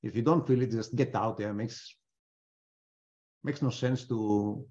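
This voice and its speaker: Hosting a live trading webinar, a man with a warm, mid-range voice talks at a measured pace while reasoning through his trades aloud. He often restarts sentences and adds playful asides, all captured in dull, lo-fi webinar audio.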